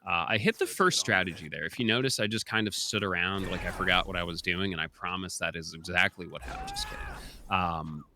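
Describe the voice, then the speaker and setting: A man's voice: sits low, a little fast, pushed and bright, a little hiss or hum. A young man giving chatty, explanatory live commentary during a speedrun, with many filler ums.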